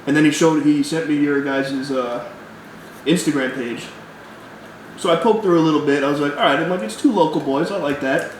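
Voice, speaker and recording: A man hosting a casual podcast, loud and excitable, swearing often in easy banter. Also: a little high, brisk. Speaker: podcast host. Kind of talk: casual chat. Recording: echoey room with faint noise.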